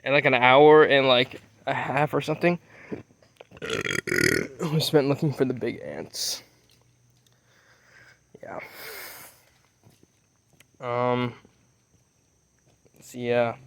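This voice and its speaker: A man's voice: medium pitch, very slow, vocal fry, long pauses. A young man casually telling a rambling story, swearing often and losing his train of thought. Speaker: vlogger.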